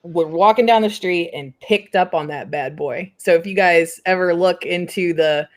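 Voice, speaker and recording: A woman's voice: fairly low pitch, moderate pace. A woman from central Indiana hosting a casual chat, rambling and giggly, with plenty of filler words. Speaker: host.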